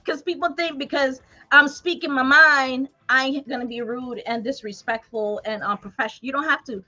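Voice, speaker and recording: A woman's voice: high voice, fairly even intonation, normal speed, sharp tone, dull audio. A woman hosting a motivational talk, emphatic and preacher-like, laughing often. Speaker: host.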